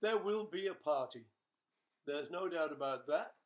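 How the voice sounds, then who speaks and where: Older male musician, casual webchat, jokey and rambling, slightly high-pitched speaking voice. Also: lively intonation, unhurried. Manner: chatty, jokey, rambling with fillers. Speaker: rock musician answering fan questions.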